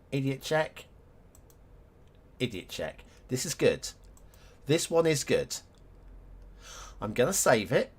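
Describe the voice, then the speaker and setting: Male streamer, non-native English, chatty and laughing, drawn-out pace with a lively pitch. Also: slight background noise. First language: not English. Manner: chatty, laughing, thinks aloud to chat. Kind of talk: live game stream chat.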